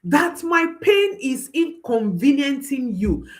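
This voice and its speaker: Giving advice to viewers, a woman parenting coach speaks slowly in a high voice that swings widely in pitch. Her delivery is emphatic, with repeated phrases and a frequent questioning "hmm?".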